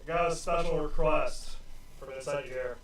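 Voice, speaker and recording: A man voicing a gruff, impatient male dwarf official who grumbles and snaps at people. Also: fairly high pitch, fairly even intonation, normal speed, a bit bright, slight background noise, natural voice. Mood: grumbling. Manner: brusque, grumbling. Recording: very echoey room, mic far off.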